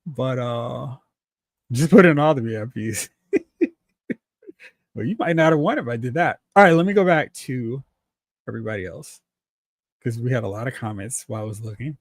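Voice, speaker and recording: A man's voice: medium pitch, moderate pace, long pauses, no room sound. A man hosting a casual toy-collecting livestream, reading chat comments aloud, laughing often and acting out exclamations.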